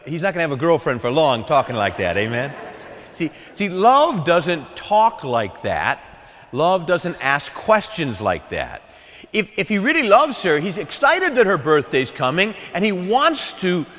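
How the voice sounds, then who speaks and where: A male priest preaches in a lively, swooping voice that rises and falls for emphasis, circling back to his key phrases. His voice sits somewhat high for a man. Long reverb from the large church trails after each line. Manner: animated preaching, repeats key phrases, asks listeners for agreement. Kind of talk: sermon.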